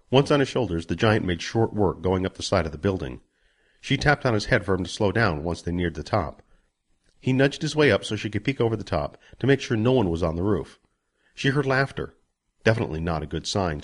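A man narrating a story as an audiobook, expressive and giving each character a voice. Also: deep voice.

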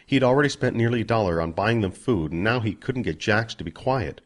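Lively, low-voiced male storyteller. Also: fairly quick, hardly any pauses. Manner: expressive, voices characters. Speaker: narrator. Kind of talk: audiobook narration.

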